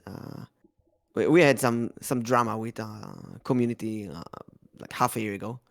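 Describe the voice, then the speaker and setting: A young man with an Israeli accent hosting a casual podcast chat, talking thoughtfully with many hesitations. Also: medium pitch. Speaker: podcast host.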